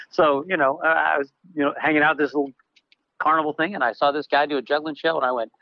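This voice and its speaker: A man's voice: fairly high pitch, fairly even intonation, fast talker, creaky, no echo, muffled recording. A man from Louisiana, an entertainer, telling stories from his career with wry, self-mocking humor. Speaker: juggler and entertainer. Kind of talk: casual interview storytelling.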